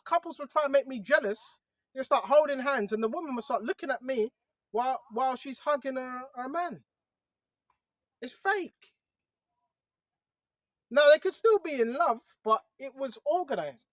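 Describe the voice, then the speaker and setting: A man's voice: very high-pitched, lively intonation, normal speed, long pauses, no echo. A man giving a casual religious monologue to his viewers, talking conversationally and often tossing in "bro" and "right?". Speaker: online preacher.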